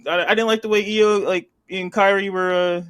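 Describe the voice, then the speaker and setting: A man chatting casually on a wrestling podcast, rambling as he retells what happened. He laughs often and slips into animated retellings of what others said. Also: sits high, a little fast, clear, resonant tone. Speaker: podcast co-host. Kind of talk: casual wrestling recap chat.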